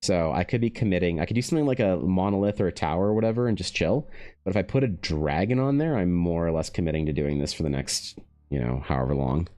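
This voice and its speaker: A man streaming while he paints, chatting casually in a rambling, profane way, his pitch leaping up now and then. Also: fast, mellow. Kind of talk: casual livestream chat.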